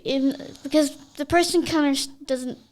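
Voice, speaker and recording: A woman's voice: high voice, fairly even intonation, unhurried, a little mellow. A woman guest in a casual podcast chat. She talks eagerly and earnestly in simple phrases.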